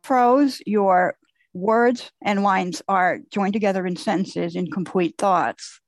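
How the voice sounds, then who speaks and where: A woman's voice: mid-range voice, slow, no room sound. A woman speaking as the guest poet on a conference call, patiently explaining with repeated phrases.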